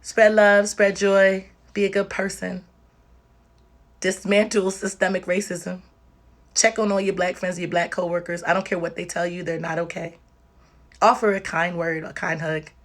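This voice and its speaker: A woman's voice: lowish voice, little pitch movement, moderate pace. A woman talking on a livestream, tearful and exhausted, speaking emphatically and directly with lots of repetition. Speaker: livestream host. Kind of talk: impassioned livestream talk.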